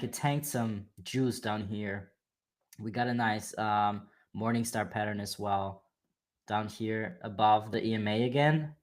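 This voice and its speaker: A man with a German accent hosting a trading livestream, chatting casually and hyping viewers, calling them bro. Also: on the low side. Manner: hyped and slangy, calls viewers bro.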